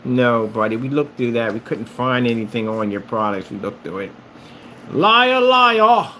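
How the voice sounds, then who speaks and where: A man's voice: on the low side, fairly even intonation, fairly quick, slight background noise. A man who makes screen paint rants at a rival in a combative, mocking tone, repeating his jabs. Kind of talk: ranting vlog.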